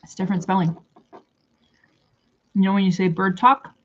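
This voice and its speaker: A woman's voice: mid-range voice, flat delivery, normal speed, dull audio. A woman talking to her pet bird in a casual vlog, coaxing it in a sing-song baby-talk voice, recorded at home. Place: home room by a window.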